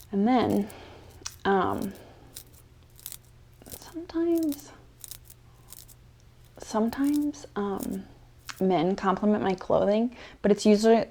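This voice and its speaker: Chatty young woman, ASMR storytelling. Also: mid-range voice. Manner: rambling, chatty, filler-heavy, swinging between soft and animated. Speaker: ASMR creator. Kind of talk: ASMR storytelling with personal-attention role-play.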